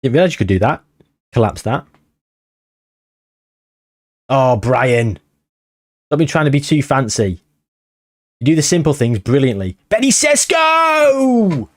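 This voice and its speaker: Excitable man commentating his game. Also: mid-range voice, measured pace, long pauses. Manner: animated, swearing, shouting at the match. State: out of breath. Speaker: gaming streamer.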